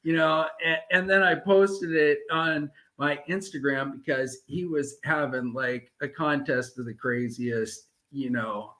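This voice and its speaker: A man's voice: a little high, steady tone, unhurried, hardly any pauses, pushed and bright, rough recording. A man hosting a casual podcast chat, talking hesitantly with many fillers and easy laughs. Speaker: podcast host.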